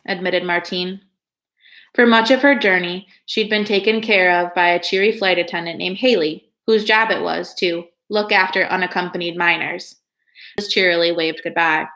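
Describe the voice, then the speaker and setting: A woman reading a children's novel aloud, in a calm and steady storytelling manner. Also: on the low side, moderate pace. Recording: echoey room.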